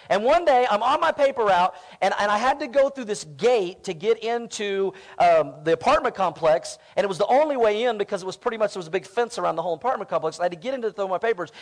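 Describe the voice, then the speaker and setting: A man preaching a sermon, telling a personal story in a conversational way and building to emphatic declarations. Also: high voice. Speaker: pastor.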